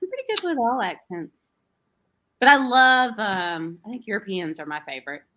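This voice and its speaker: A woman's voice: medium pitch, big pitch swings, normal speed, bright, forceful tone. An American woman co-hosting a casual talk show, giggly and bubbly, chatting with a guest over a video call. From United States. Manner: giggly, bubbly, uses y'all. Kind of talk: casual chat.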